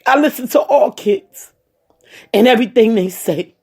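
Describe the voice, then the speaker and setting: A woman's voice: fairly high pitch, normal speed, darkish tone, slightly rough. A woman giving a heartfelt personal talk, speaking directly to her listeners and repeating her points with emphasis. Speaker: personal storyteller addressing viewers.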